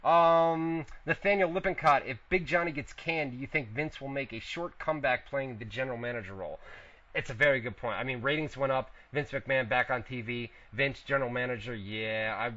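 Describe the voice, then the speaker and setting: A man's voice: medium pitch, a little fast, bright, forceful tone. Laid-back male internet radio host. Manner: loose and profane, reads out names then answers. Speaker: podcast host reading listener questions. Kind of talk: casual wrestling news chat. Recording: dull lo-fi internet radio audio.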